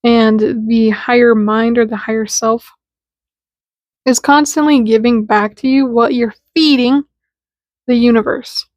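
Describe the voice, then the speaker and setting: A woman with a somewhat high voice talks casually about spirituality, chatty and full of slang. She keeps slipping into little acted-out exchanges to make her point. The sound is dry and close, with no room echo. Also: steady tone, unhurried, darkish tone. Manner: chatty and informal, acts out little dialogues in quotes; slangy, with lots of "like" fillers. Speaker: spiritual content creator. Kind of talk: casual spiritual talk to camera.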